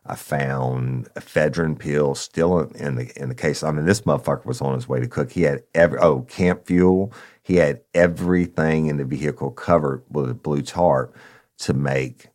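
A man's voice: very deep voice, moderate pace, a little mellow. A man, a former narcotics officer, telling a blunt, profane story in casual talk and speaking to listeners as y'all.

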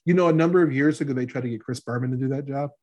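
A man's voice: mid-range voice, racing, a little mellow, highs cut off. Chatty middle-aged man talking sports. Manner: chatty, joking, trails off and restarts. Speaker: podcast co-host. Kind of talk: casual sports chat.

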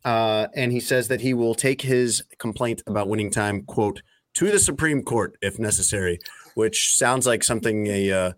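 Male podcast host, lowish voice, wry, dry booth sound. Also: moderate pace, dry recording. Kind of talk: casual sports chat.

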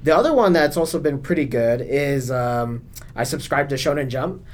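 A man co-hosting a podcast, chatting casually and relaxed with frequent fillers. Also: medium pitch, moderate pace. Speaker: podcast co-host. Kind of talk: casual chat.

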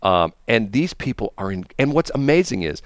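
A male host chatting on the radio, his pitch swinging widely as he rambles from one enthusiastic story to the next. The sound is dry and close, with no room around it. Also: very animated, normal speed, no echo. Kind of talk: casual chat.

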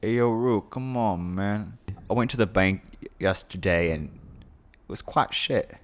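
A laid-back young TV guy, drawling slowly, as a man puts him on. The voice is very low, and the words are stretched out lazily. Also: close to an everyday voice.

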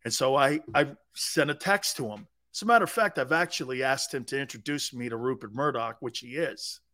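A man's voice: mid-range voice, fairly quick, sharp tone. A man hosting a live sports talk show, telling a long, rambling anecdote in a casual way.

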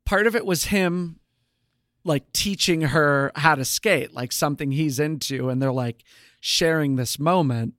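A man's voice: on the high side, measured pace, fairly bright tone, no room sound, clean studio sound. A man co-hosting a podcast, casually retelling show episodes with plenty of um and like. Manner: chatty storyteller, lots of um and like. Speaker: podcast co-host. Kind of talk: casual chat recapping a show.

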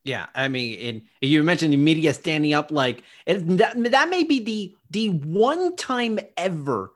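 A man in his twenties co-hosting a podcast, excitable and informal in casual chat. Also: on the high side, a little slow. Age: 20s.

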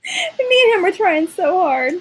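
A woman's voice: extremely high pitch, huge pitch swings, moderate pace, rough recording. A young woman co-hosting a casual chat, talking in a chatty way and often trailing off and restarting her sentences. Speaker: podcast co-host.

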